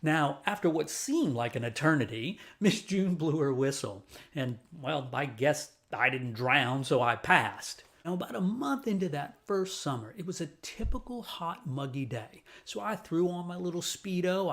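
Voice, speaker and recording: Man, storyteller, from New Orleans, lively swooping pitch, playful manner. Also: normal speed, hardly any pauses. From New Orleans, USA. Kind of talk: told personal story with a lesson.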